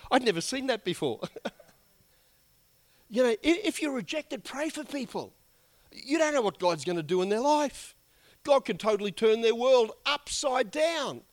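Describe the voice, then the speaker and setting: A male pastor preaching a sermon, hoarse from losing his voice, in a conversational, emphatic way with chuckling asides. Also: high-pitched.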